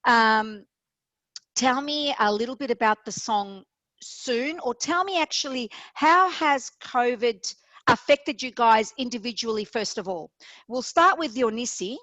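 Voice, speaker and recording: A woman's voice: fairly high pitch, measured pace, a bit bright, dry recording. A woman with an Australian accent hosting an interview, full of eager praise for her guests. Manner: enthusiastic, gushing praise. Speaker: show host.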